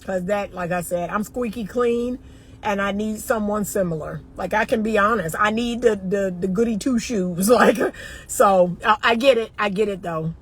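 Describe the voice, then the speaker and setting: A woman's voice: medium pitch, normal speed, a little hiss or hum. A middle-aged woman from the northern US, a dating coach chatting emphatically and directly to her viewers. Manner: emphatic, talks straight to viewers as y'all. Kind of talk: casual livestream chat.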